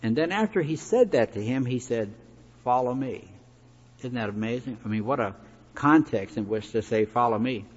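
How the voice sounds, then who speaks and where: A male preacher gives a sermon in a folksy, conversational way, with chatty asides and fillers. His voice sits at a middle pitch. The recording is dull and lo-fi, with the long echo of a big hall. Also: expressive, brisk, husky.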